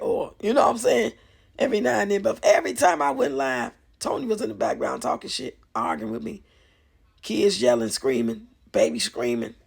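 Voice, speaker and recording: Gravelly, husky-voiced woman vlogger. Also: on the high side, moderate pace. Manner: chatty, animated, swears freely, laughs often. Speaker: YouTube vlogger. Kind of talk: casual commentary vlog.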